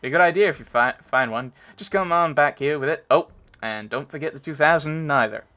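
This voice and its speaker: A man's voice: on the high side, racing, a bit bright, natural voice. A man voicing a folksy, boastful old male mechanic from a game, with a homespun drawl and background music. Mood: chiding.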